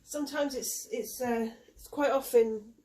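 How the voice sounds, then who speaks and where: A woman giving a spiritual card reading, emotional and halting, with many fillers. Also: a little high, steady tone, mellow, slight background noise. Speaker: tarot card reader.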